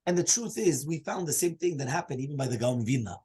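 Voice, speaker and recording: A man teaching a Torah class as a rabbi, telling stories with big swings in pitch and loudness. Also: fast talker, slightly rough, low-quality recording. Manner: animated storytelling with swinging pitch and volume.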